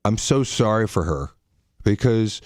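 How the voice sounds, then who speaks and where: A man's voice: fairly low pitch, animated, measured pace, no echo. A man co-hosting a radio talk show in a studio, chatting casually with dry, wry asides.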